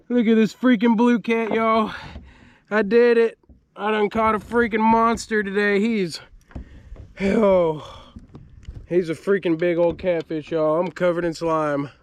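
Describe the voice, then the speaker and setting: A man, excitedly narrating his own fishing vlog from a kayak on a river at night, often exclaiming and laughing. He is recorded on an action camera. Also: high voice, slight background noise. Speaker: fishing vlogger. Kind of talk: excited outdoor vlog commentary.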